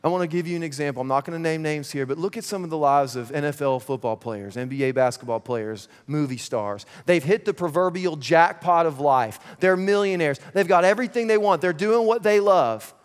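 A man in his thirties preaching a sermon as pastor, energetic and playful, dropping to a hushed, earnest tone at times. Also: fairly high pitch, brisk, few pauses, smooth. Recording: reverberant church hall.

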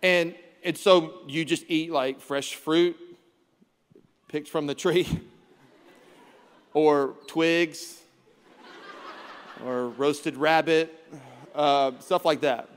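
Male pastor, joking sermon delivery, slightly high voice, long church reverb. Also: steady tone, very slow, long pauses, clean tone. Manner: humorous, conversational preaching with self-deprecating asides.

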